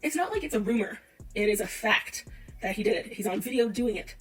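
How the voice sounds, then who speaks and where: A woman's voice: medium pitch, expressive, brisk, fairly bright tone, distant mic, soft background music, rough recording. A woman giving a casual opinion rant, exasperated and full of rhetorical questions. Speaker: commentator.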